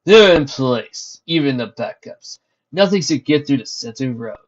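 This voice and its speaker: A man voicing an anxious, dutiful young male soldier pony, higher and louder than his narration, on a dull lo-fi recording. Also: animated, a little slow, close to an everyday voice. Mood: worried. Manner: deferential, respectful.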